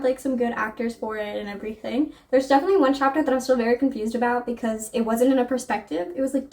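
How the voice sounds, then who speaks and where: Gushing about books in a casual chat to camera, a young woman leans heavily on the filler "like." Her voice is a little high with a darkish tone, picked up by a distant mic.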